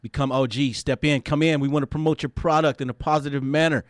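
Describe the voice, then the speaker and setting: A man's voice: on the high side, fairly even intonation, fast, no echo, clean studio sound. A man hosting a sports talk radio show, brash and opinionated, tacking "man" onto his sentences. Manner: brash, ends phrases with "man".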